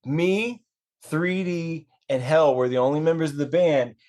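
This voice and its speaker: A man's voice: a little high, unhurried. Profane man spinning a comic anecdote. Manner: profane, animated anecdote telling. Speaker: band member guest. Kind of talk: crude comic storytelling.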